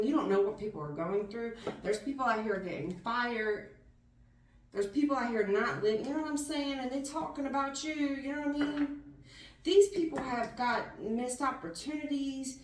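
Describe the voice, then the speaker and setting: A woman doing a tarot reading who talks to the viewer in blunt street slang, animated and direct. She sits a bit back from the mic, so her voice sounds distant. The room around her is echoey. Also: a little high, normal speed, a little hiss or hum. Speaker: tarot reader.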